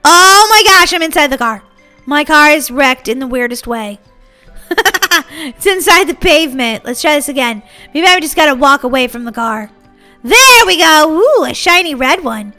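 A bubbly, excitable woman hosting a gaming channel, giggling and chatting to her fans as she plays. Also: sits high, moderate pace, soft background music. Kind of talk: playing a video game and commenting.

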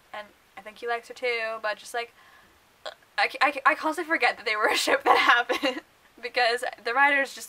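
A young woman rambling through casual book vlog commentary, full of fillers and quick laughs. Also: fairly high pitch, sharp tone, poor audio. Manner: chatty and rambling, many fillers, laughs often. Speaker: book vlogger.

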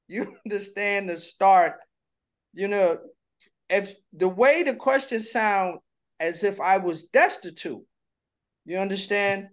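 A man's voice: sits high, slow pace. A middle-aged man chatting casually as a co-host, candid and playful, slipping into little impressions while he tells stories. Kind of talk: casual chat.

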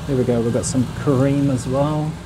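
A man's voice: medium pitch, steady tone, moderate pace, noisy background. A young man casually chatting to his viewers while he cooks on a livestream, in a laid-back, slangy way. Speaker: streamer. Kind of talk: casual cooking livestream chat.

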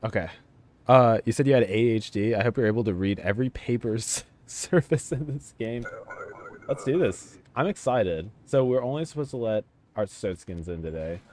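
A man giving casual let's-play commentary as a streamer, excitable, joking and easily sidetracked. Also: on the low side, normal speed, slight background noise. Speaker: gamer streamer.

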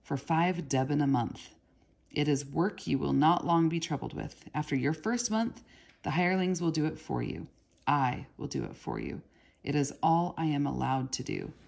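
A woman voicing a proud, grieving goldsmith's son who speaks curtly, in a low, husky, gravelly voice. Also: lively intonation, normal speed, darkish tone, exaggerated voice. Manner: curt, brusque, then humble.

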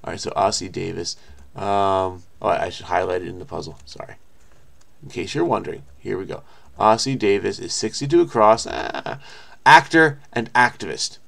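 Excitable man reading aloud with asides. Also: fairly low pitch, moderate pace, gravelly. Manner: excitable, interrupting himself with exclamations; reads an article aloud, then reacts. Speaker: crossword video host. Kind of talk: reading aloud with running commentary.

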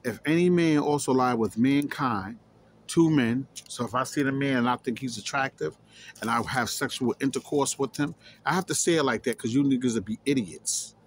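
A man's voice: mid-range voice, moderate pace, slight background noise. A man reading scripture aloud and explaining it emphatically, repeating key words and challenging his listeners. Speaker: scripture teacher.

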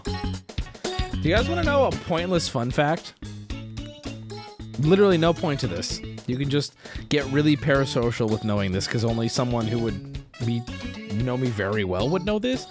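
A man hosting a stream, casually riffing and joking about clips with sudden loud outbursts. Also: medium pitch. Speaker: streamer host.

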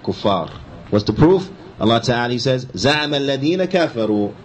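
A man's voice: medium pitch, expressive, rapid-fire, slight background noise, rough recording. A man giving a religious lesson, switching between recited Arabic and emphatic, repetitive explanation. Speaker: Islamic teacher. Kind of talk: lecture explaining a hadith.

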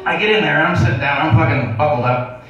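A man's voice: a little high, fast talker, crowd noise. Profane male comic in an echoey room. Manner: profane, self-mocking storytelling. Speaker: stand-up comedian. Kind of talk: stand-up storytelling. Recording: echoey room, distant dull mic.

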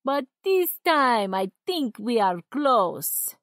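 A woman voicing a frantic, excitable male mad scientist in a children's storybook reading, exclaiming loudly. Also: slow, no echo, studio quality, full character voice. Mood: excited, manic. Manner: loud, exclaiming, with big leaps in pitch.

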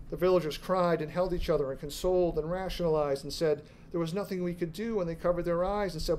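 A man, an author, reading his dark fiction aloud at a live literary event, in a measured, dramatic storytelling manner. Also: fairly high pitch, fairly even intonation, a little hiss or hum, rough recording. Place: bar reading room.

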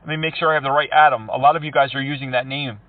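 A man's voice: medium pitch, steady tone, rapid-fire, dry recording, distant mic. A man making a prank phone call, taunting the person on the other end with fake sympathy and sarcasm. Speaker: scam-baiting prank caller. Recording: tinny phone line.

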